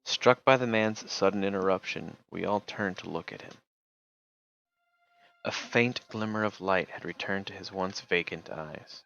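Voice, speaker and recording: A man's voice: sits low, measured pace, gravelly, fairly bright tone, lo-fi sound. A man streaming, reading a text game aloud and casually remarking between passages. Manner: casual, reads narration then remarks.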